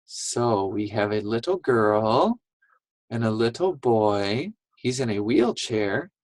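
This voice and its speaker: A woman teacher giving a reading lesson to young children, animated and slow, with gasping praise. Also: rumbling low, dry recording, low-quality recording.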